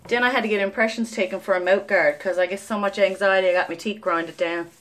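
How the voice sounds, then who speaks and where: A young Newfoundland mother with a thick Newfoundland English accent vlogs to camera from Newfoundland, Canada. Her mid-range voice is steady and fairly bright, and she talks at a quick pace. In her casual, chatty monologue she rambles through stories, swears freely, and often breaks into laughter.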